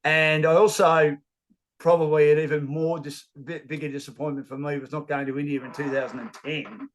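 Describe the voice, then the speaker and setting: A middle-aged Australian sports broadcaster, telling rambling, animated anecdotes in a casual interview. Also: male voice, a little high, a little fast, rough recording.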